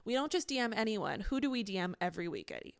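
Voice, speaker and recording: A woman's voice: medium pitch, big pitch swings, fast, clear, resonant tone, no room sound, studio quality. A young woman co-hosting a podcast, chatting casually and playfully, often breaking into laughter. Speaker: podcast co-host. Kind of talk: casual chat.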